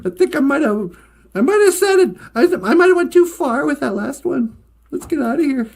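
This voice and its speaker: Brief: sly, boastful storybook fox with a gravelly edge, played by a woman. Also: sits high, lively intonation, normal speed, a little mellow. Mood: teasing, cocky. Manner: cocky, teasing. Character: sly male fox, boastful egg thief.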